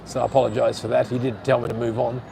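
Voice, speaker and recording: A man's voice: medium pitch, flat delivery, fast talker, creaky, noisy background. An Australian man live streaming outdoors in a city on a phone gimbal, rambling bluntly and swearing casually while reading out chat comments.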